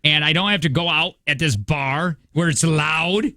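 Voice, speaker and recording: A male morning radio host in his thirties, telling long rambling stories in easy chat. His voice sits a touch high. The studio sound is close and dry. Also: normal speed, pushed and bright, no echo. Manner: rambling storyteller, chatty. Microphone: studio microphone.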